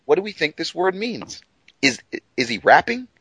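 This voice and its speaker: An animated man whose pitch leaps up and down as he gets excited about a text. He laughs often while he talks, and the close, dry recording has no room sound at all. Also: moderate pace, husky, no room sound, low-quality recording. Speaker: co-presenter. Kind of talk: radio Bible discussion.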